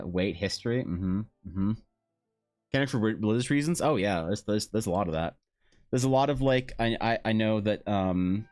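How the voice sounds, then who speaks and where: A man with a lowish voice chats casually with his stream viewers from home. He rambles and swears freely through his stories, with faint music playing underneath. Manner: profane, rambling storytelling.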